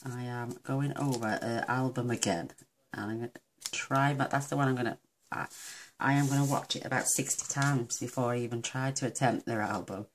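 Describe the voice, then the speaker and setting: A middle-aged woman from the UK chats casually through a crafting tutorial, rambling and talking to herself as she works. Her voice is extremely low-pitched at normal speed, with slight background noise and poor audio.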